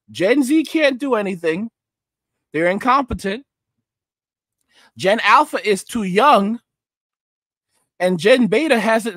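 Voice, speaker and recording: A man with a strikingly high voice rants through a commentary livestream and reads out viewer chat. He talks emphatically, hammering the same phrases again and again, and the recording sounds close and dry with no room sound. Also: fairly bright tone, dry recording. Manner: emphatic, repeats phrases, keeps asking "all right?"; slips into mocking put-on voices.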